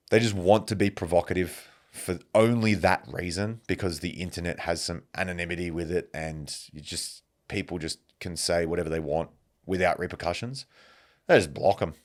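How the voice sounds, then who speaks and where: A man hosting a podcast, telling stories in a casual, animated monologue and swearing freely. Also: low-pitched, moderate pace. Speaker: podcast host.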